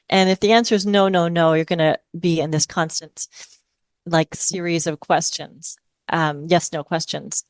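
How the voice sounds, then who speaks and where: A woman's voice: on the low side, steady tone, moderate pace, no room sound. A middle-aged woman from Hawaii, a speech-language pathologist, patiently explaining strategies in a podcast interview. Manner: patient, explanatory, models phrases in a lilting parent voice.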